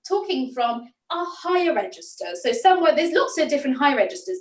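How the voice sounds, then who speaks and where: A British woman leading a drama workshop, encouraging and playful as she guides a vocal warm-up. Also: sits high, sing-song, a little fast, distant mic. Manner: encouraging, playful, demonstrates voices. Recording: roomy sound, a bit off-mic.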